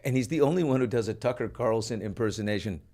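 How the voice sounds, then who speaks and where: Animated male talk show host. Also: medium pitch, fast. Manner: animated, self-mocking, acts out quotes. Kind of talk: casual storytelling on a talk show.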